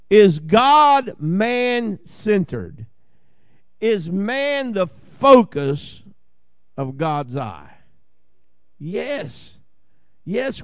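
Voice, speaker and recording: High-voiced folksy preacher with Southern Ohio twang. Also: male voice, smooth, no echo, studio quality. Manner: folksy, jokey asides and repeated "Amen?" to the congregation. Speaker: pastor. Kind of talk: sermon.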